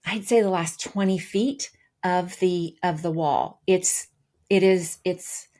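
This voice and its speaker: A woman's voice: on the low side, takes it slowly, darkish tone. A woman co-hosting a podcast, telling her story in a chatty way with frequent restarts. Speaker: podcast co-host. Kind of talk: casual chat.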